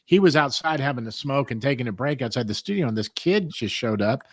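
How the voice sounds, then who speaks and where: A man's voice: medium pitch, lively intonation, a little fast, no echo, clean studio sound. Laughing, rambling male podcast host. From US West Coast. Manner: rambling storyteller, laughs often. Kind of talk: casual chat.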